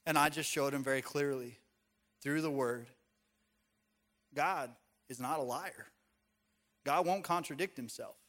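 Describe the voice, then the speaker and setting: A man's voice: on the high side, unhurried, long pauses, fairly bright tone. A man preaching a sermon as a pastor, talking casually and telling stories with everyday fillers. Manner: conversational, storytelling with casual fillers.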